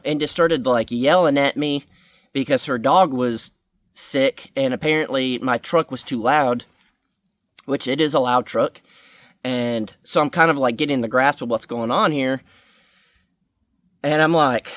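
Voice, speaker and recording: A man's voice: mid-range voice, measured pace, a bit bright, no room sound, clean studio sound. A young man telling a story in an earnest, rambling way, with many fillers, on his vlog. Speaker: vlogger.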